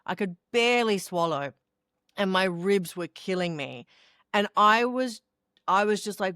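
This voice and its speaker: A middle-aged Australian woman talks through a personal story in a podcast interview, frank and expressive, slipping into the voices of others she quotes. Her voice sits at an ordinary pitch for a woman. The sound is dry and close, with no room echo. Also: measured pace. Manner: expressive, acts out quoted voices, laughs while telling. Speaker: interview guest.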